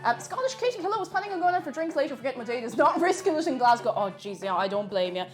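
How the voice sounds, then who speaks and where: A woman's voice: high-pitched, sing-song, rapid-fire, over music. A young Irish woman chatting casually on a live cooking stream, reading out and answering viewers' messages. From Ireland. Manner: chatty, reads out chat messages.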